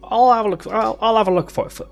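A man's voice: high voice, quick pace, creaky, faint music behind, pitched above the performer's own voice. Man doing fussy motherly caretaker Kashka. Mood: hospitable. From Britain. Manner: fussy, hospitable, stumbling over words. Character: bustling motherly woman caretaker of two boys.

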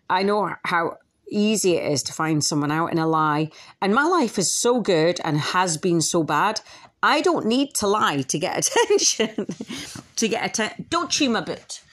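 A woman hosting her own podcast, talking candidly in a casual monologue, swearing and acting out quotes. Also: lowish voice. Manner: candid, swearing, animated quoting with laughs. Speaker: podcast host and author. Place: at home with a dog nearby.

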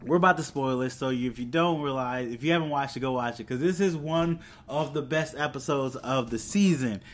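A man hosting a podcast, casually recapping a TV episode with excitement and quoting the characters' lines as he goes. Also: mid-range voice, a little fast. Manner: excited, animated retelling with quoted lines. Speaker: podcast host.

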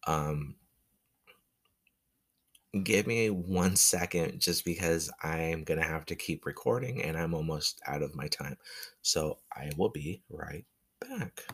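Slow, deep-voiced man rambling. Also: fairly bright tone, husky. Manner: rambling, halting, with many fillers and restarts. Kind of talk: casual recap of a wrestling match.

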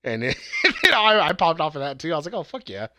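Excitable swearing man recapping a movie. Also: fairly high pitch, fast talker, dry recording. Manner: excited, rambling, swears a lot, laughs at bits. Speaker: podcast co-host reviewing movies. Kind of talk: casual profane movie recap.

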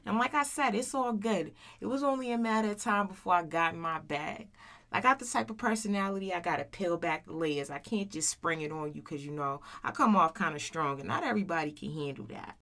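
A woman in her thirties, voice lowish and fairly bright, speaks briskly in a casual solo monologue on her own podcast. Expect bluntness, profanity, plenty of slang and a habit of ending lines with "right?".

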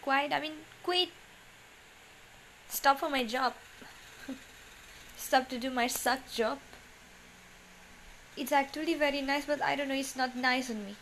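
A woman talking straight to her listeners in a personal, confessional monologue. She speaks softly and haltingly, repeats herself and searches for words. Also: sits high, steady tone, a little hiss or hum, low-quality recording. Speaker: vlogger.

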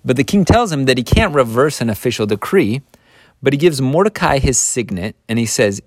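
Brief: casual male storyteller, lively asides, mid-pitched voice, dry close recording. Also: fairly quick, no echo. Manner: animated, chuckling asides, acts out quotes. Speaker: Bible storyteller.

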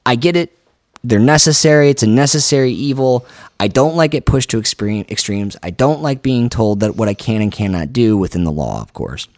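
A man's voice: mid-range voice, animated, brisk, darkish tone, no room sound, studio quality. A man co-hosting a podcast who rants in a heated, emphatic way and swears often. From United States. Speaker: podcast co-host. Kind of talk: casual podcast rant.

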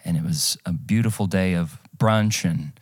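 Deep-voiced man hosting a podcast. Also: moderate pace, darkish tone, no room sound, clean studio sound. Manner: chatty, upbeat storytelling. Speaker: podcast host. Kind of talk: casual podcast chat.

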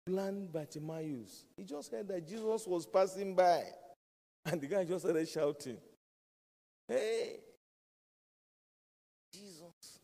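A man delivers a sermon with emphatic repetition, hammering his key phrases again and again. His voice sits fairly high yet sounds dark and mellow. The long reverb of a large hall trails after every line. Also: a little slow. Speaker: preacher.

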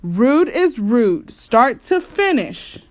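A woman's voice: fairly high pitch, sing-song, drawn-out words, a little mellow, pitched above the performer's own voice, exaggerated voice. A woman voicing a firm, scolding mother bear in a storybook read-aloud. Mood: stern. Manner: stern, scolding.

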